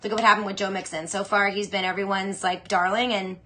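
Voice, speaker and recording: A young adult woman hosting a fantasy football show, chatting casually and with strong opinions as she answers listener questions. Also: medium pitch. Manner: chatty, opinionated, animated, with quick asides. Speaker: fantasy football podcast host.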